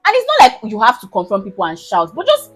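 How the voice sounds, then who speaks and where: A woman in her twenties with a Nigerian accent, telling a personal story to her viewers in a casual, animated, emphatic way. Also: mid-range voice, quick pace, breathy edge, poor audio. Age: 20s. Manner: animated, emphatic, keeps asking listeners if they understand. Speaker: vlogger.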